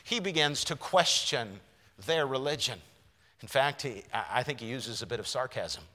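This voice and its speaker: Bright-voiced preacher in a reverberant hall. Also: male voice, medium pitch, lively intonation, moderate pace. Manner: earnest, repeats words while searching for them. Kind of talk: sermon. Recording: long reverb of a large hall.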